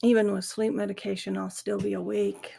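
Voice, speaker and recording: A woman's voice: medium pitch, flat delivery, a little fast, creaky, warm tone, husky. A middle-aged woman hosting a grief podcast, talking candidly and earnestly in a reflective monologue. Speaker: podcast host. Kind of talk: casual monologue.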